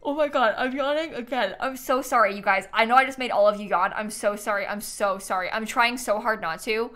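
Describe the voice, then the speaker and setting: Woman, game streamer, casual live chat, bubbly, giggly, somewhat high voice. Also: fairly quick, a bit bright.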